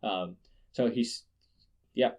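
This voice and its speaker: A man's voice: lowish voice, takes it slowly, darkish tone. Sarcastic man chatting through the news. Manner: sarcastic, laughs often, restarts words. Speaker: podcast host. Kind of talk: casual news commentary.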